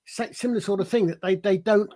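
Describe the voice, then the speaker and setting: A man with a high voice chats casually about a TV show. He hesitates and repeats words as he gathers his thoughts. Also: fairly even intonation, fast, mellow. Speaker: TV review podcast co-host. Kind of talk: casual chat.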